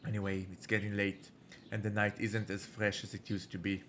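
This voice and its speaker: A man voicing a bitter male villain, speaking slowly in a cold, low tone. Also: flat delivery, a bit bright, slight background noise, close to an everyday voice.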